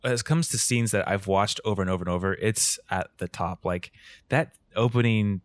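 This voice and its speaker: A man's voice: lowish voice, moderate pace. A man hosting a casual conversation about movies, enthusiastic and asking questions.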